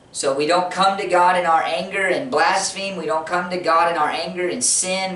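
A man's voice: high voice, fairly bright tone, a little hiss or hum. A man preaches a sermon with earnest conviction and often repeats key phrases to drive them home. His voice rings out through a roomy church sanctuary. He stands some distance from the microphone.

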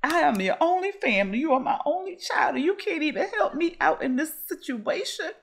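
A woman's voice: high-pitched, animated, fairly quick, pitched above the performer's own voice. A woman voicing a grieving elderly grandmother who complains and guilt-trips her daughter, in a pleading, indignant tone for a Sims let's play.

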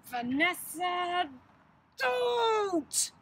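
A woman's voice: high voice, lively intonation, unhurried, pushed and bright, heavily acted, poor audio. A woman voicing a gloomy, bossy little girl who feels like a wolf, whining and growling her complaints. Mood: whiny.

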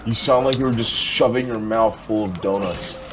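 A man's voice: fairly low pitch, normal speed, noisy background. A young man joking crudely and swearing heavily while playing a kart racing game with a friend. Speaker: gamer. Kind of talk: casual gaming chat. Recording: game music playing behind.

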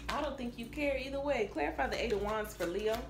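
A woman's voice: fairly high pitch, quick pace. Blunt, profane woman reading tarot. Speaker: tarot reader. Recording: echoey room with faint ambience.

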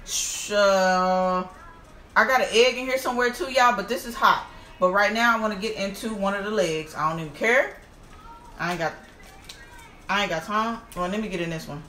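Her medium-pitched voice moves at normal speed, with roomy sound and a faint hiss or hum. A mukbang host on a casual vlog, she eats while exclaiming animatedly and speaking to viewers as y'all.

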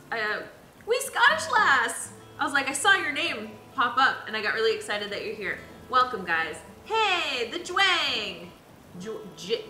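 A woman's voice: fairly high pitch, bright, forceful tone. Bubbly giggly woman streamer. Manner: bubbly, giggly, chatty with many fillers. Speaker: game streamer. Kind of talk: casual live-stream chat reading viewer comments. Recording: roomy echo with background music.

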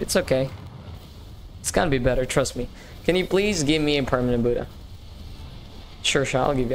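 A man's voice: a little high, animated, fairly quick, a little hiss or hum. A young man hosting a live gaming stream, chatting casually and upbeat with viewers, slangy and often repeating himself. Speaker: livestream gaming host.

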